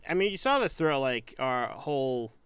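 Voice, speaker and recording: Guy cohosting a podcast, rambly and unsure, lots of likes, smooth clear voice, dry sound. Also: mid-range voice, very animated, normal speed, a bit bright, dry recording. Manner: rambling and hesitant, heavy on "like" and restarts. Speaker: podcast co-host. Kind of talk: casual sports chat.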